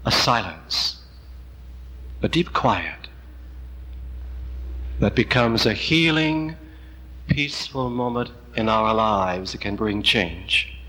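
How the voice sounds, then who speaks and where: A man preaching a sermon, telling a story slowly and gently with long pauses. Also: on the low side, lively intonation, big-room sound, poor audio. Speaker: priest.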